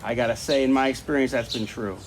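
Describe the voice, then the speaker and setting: An easygoing man gives a relaxed, chatty art lesson and thinks out loud as he works on a craft project. His voice sits at an ordinary middle pitch. Faint room noise hums underneath. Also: fast talker. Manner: easygoing, thinks aloud while drawing. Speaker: art teacher. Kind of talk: casual talk-along art lesson.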